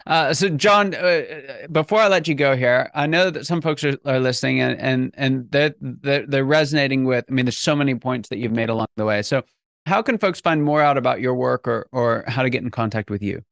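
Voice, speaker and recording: A man's voice: medium pitch, brisk, gravelly, a bit bright, no echo, studio quality. A man hosting a podcast interview, reacting enthusiastically and often restarting his phrases. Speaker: podcast host.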